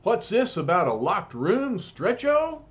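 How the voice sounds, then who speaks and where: A man's voice: high-pitched, wildly swooping pitch, slow, highs cut off, pitched above the performer's own voice, heavily acted. A man voicing a smug, mocking male impostor who poses as a rocky strongman in a comic read-aloud.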